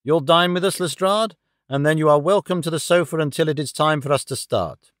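A man reading a calm, shrewd detective. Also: a little high, no echo, clean studio sound, natural voice. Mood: courteous. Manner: measured, quietly confident.

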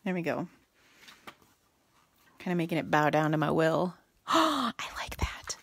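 A woman's voice: sits low, fairly even intonation, measured pace, gravelly. A woman hosting a casual live card-making demo, chatty and goofy, talking to viewers and muttering to herself as she works.

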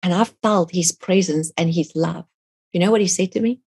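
A middle-aged woman shares her story as an interview guest, speaking with earnest, emotional conviction. Her voice is husky and breathy and sits slightly low. She tells it as a heartfelt personal testimony. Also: moderate pace, darkish tone. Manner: emotional, earnest storytelling, non-native phrasing. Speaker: guest author.

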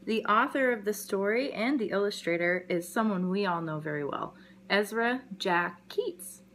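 A woman educator reading a picture book aloud to young children, telling the story gently and expressively and adding sound effects. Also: mid-range voice, animated, moderate pace, slight background noise.

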